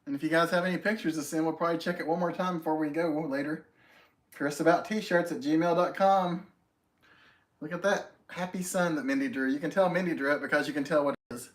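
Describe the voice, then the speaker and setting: A man's voice: on the high side, fairly even intonation, fairly quick. A man hosting a casual live stream at home, greeting viewers by name and chatting in a friendly, self-deprecating way. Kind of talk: casual chat reading viewer comments.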